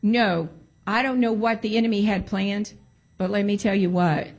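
A woman's voice: medium pitch, steady tone, moderate pace, a little mellow, muffled recording. A woman giving a testimony to a congregation, emphatic and repeating phrases for stress. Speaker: church speaker giving testimony.

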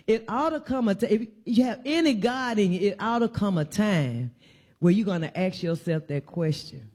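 A woman's voice: mid-range voice, expressive, moderate pace, dark tone. A woman giving an informal sermon in a church, preaching conversationally and driving her points home with repeated emphatic phrases. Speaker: church speaker.

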